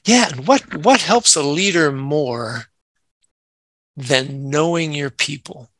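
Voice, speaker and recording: A man's voice: fairly high pitch, slow pace, fairly bright tone, no echo, poor audio. A man, a nonprofit CEO, talking earnestly in an interview and telling workplace stories. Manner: earnest, acts out quoted dialogue in anecdotes. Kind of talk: conversational interview storytelling.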